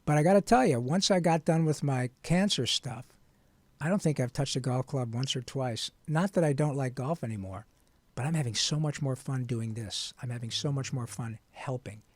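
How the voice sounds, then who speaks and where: A man, a voice actor, telling his story in an interview in an earnest, animated and frank way. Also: medium pitch, normal speed, dry recording. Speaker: guest voice actor.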